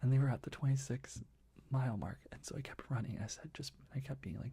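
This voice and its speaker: A young man whispers through a rambling ASMR life update, his breathy voice low-key and mellow. He keeps stopping and starting his sentences, soft and close. The tone stays warm and airy throughout. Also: quick pace. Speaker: ASMR creator.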